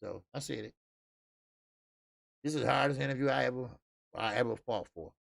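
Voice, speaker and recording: A man's voice: medium pitch, a little fast, gravelly, dry recording, clean studio sound. A man hosting a casual boxing talk show, loose and profane, laughing at his own stories. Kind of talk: casual solo boxing commentary.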